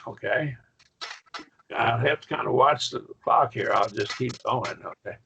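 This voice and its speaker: A man's voice: mid-range voice, a little slow, gravelly, bright, forceful tone, a little hiss or hum. A man teaching a college-level Greek Bible class, explaining step by step with enthusiasm. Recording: muffled lo-fi class recording.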